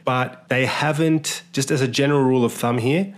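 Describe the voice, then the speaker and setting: A man's voice: mid-range voice, steady tone, moderate pace. A man hosting a casual music review podcast, rambling a bit and repeating words as he talks. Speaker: podcast host.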